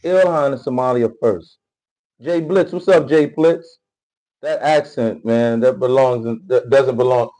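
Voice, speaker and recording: A man's voice: mid-range voice, a little slow, mellow, low-quality recording. A man commenting casually on politics during a livestream, reading chat and rambling with many repeated phrases. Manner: rambling, repetitive, keeps asking "you know what I'm saying".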